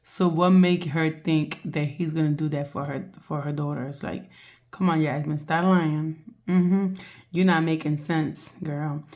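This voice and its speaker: Woman reaction host, very low voice, sore and strained, soft mocking delivery with laughs. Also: fairly even intonation, measured pace. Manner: mocking, laughing, talking softly. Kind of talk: reaction commentary.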